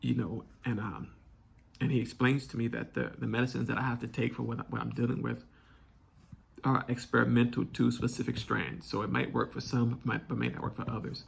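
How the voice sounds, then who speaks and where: A young man telling a personal story candidly, halting and restarting often. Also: medium pitch, little pitch movement, creaky, husky. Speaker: vlog host.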